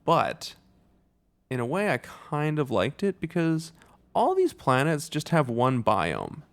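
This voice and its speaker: A man's voice: fairly high pitch, huge pitch swings, slow pace. A man co-hosting a podcast in casual chat, rambling with lots of fillers and jokes. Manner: rambling, filler-heavy, jokey. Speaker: podcast co-host.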